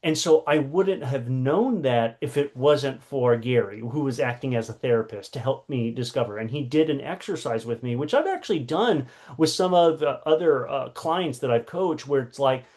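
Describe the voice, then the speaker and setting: A man's voice: medium pitch, expressive, moderate pace, few pauses, darkish tone. A man teaching a workshop lesson, telling a personal story in a conversational way with many fillers.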